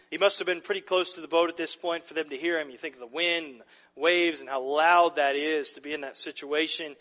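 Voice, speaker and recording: A man preaching a sermon as a pastor, emphatic, often repeating words and restarting phrases. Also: on the high side. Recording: muffled audio with long hall reverb.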